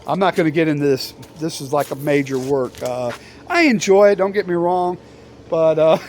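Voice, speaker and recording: Older man rambling folksy in a noisy workshop. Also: fairly high pitch. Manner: folksy, meandering, frequent fillers and restarts. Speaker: retired vlogger. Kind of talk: casual rambling chat. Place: workshop or yard beside an old truck.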